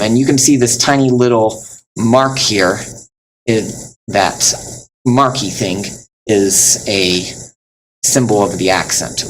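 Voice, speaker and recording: A man teaching Latin in a recorded lesson, explaining step by step with many fillers and slowing down to spell out words. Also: on the low side, slight background noise, low-quality recording.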